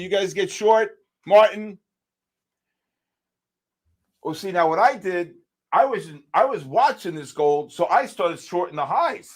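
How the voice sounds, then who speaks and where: Excitable man hosting a live trading stream. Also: high voice. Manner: animated, exclamatory, talks to chat by name. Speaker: livestream trading host. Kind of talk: excited live market commentary.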